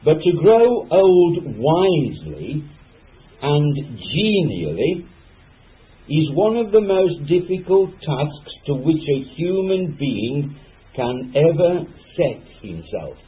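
Man, preacher, sermon, slow, animated pitch, rhetorical questions, lo-fi phone-like sound. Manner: addresses listeners as brethren and sisters, rhetorical asides. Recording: phone-like lo-fi recording.

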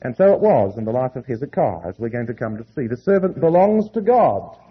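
A man preaching a sermon to a congregation, reading scripture slowly with heavy emphasis. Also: medium pitch, very animated, slightly rough, highs cut off.

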